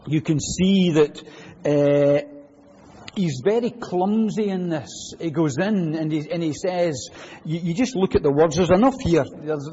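Guy preaching a sermon, bit high, muffled recording with long church echo. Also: slightly rough. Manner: animated, with rhetorical questions and quoted voices.

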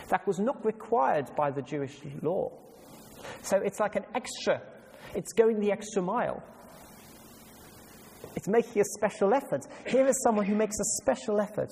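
A man's voice: high-pitched, expressive, moderate pace, creaky, darkish tone, a little hiss or hum. A man preaching a sermon with emphasis, putting questions to his congregation. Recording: long reverb hall, faint ambience.

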